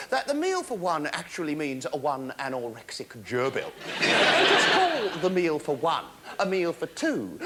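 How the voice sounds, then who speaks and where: Animated comedian, high lively voice. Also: male voice, very noisy. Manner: animated, breathless storytelling with laughter. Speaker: stand-up comedian. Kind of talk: stand-up comedy routine. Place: studio stage before a laughing audience.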